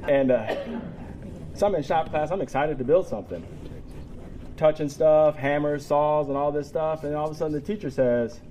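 A man's voice: fairly high pitch, moderate pace, warm tone, a little hiss or hum. A man in his forties giving a personal talk to a live audience. He is emotional, tears up, and laughs between lines. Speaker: public speaker. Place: room with an audience.

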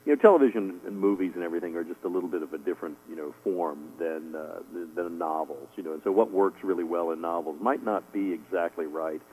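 A man's voice: low-pitched, quick pace, hardly any pauses, a little mellow, slight background noise, low-quality recording. A middle-aged man being interviewed as an author, rambling with lots of fillers and chuckling often. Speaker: author guest. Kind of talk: casual radio interview answers.

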